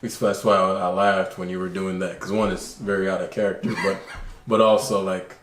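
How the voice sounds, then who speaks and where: Low-voiced calm man in a roomy room. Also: moderate pace, soft background music. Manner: calm, laid-back storytelling. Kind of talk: casual podcast chat.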